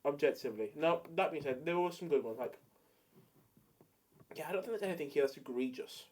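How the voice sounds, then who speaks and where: A man's voice: a little high, brisk, darkish tone. A young man in casual solo commentary, rambling with many fillers and jokey hot takes. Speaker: video creator ranking films.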